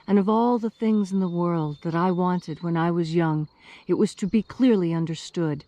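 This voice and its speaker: A woman from West Virginia giving an earnest spiritual sermon with careful, deliberate diction. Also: fairly low pitch, warm tone, dry recording. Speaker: minister.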